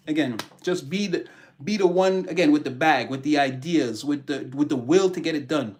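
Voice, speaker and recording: A man's voice: mid-range voice, normal speed. A man reading tarot on a live stream, chatting casually, preaching motivation and greeting his viewers by name.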